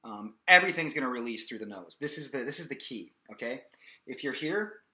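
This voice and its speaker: A man's voice: mid-range voice, animated, brisk, pushed and bright. A man teaching a singing lesson in a casual, explanatory way, often checking in with "okay?". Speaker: vocal coach. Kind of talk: singing lesson with sung demonstrations.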